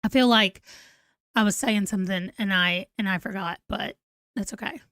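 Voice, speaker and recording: A woman's voice: medium pitch, moderate pace, a bit bright, clean tone, dry recording, clean studio sound. A woman in her forties, chatting casually and rambling to viewers on a live stream. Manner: rambling, chatty, self-deprecating. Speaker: book vlogger.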